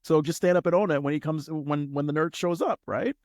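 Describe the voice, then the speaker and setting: A man's voice: on the high side, fairly quick, a little mellow, no echo, clean studio sound. A man co-hosting a casual podcast recap, talking animatedly and slipping into goofy impressions. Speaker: podcast co-host.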